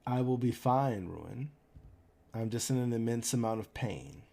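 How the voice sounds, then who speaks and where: A man voicing a blinded woman who speaks in a flat, even monotone. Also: mid-range voice, measured pace, creaky. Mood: strained.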